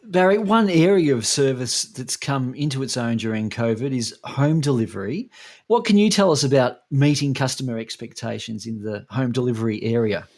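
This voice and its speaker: Man, interviewer, mid-pitched voice, plain direct questions. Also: expressive, normal speed, darkish tone.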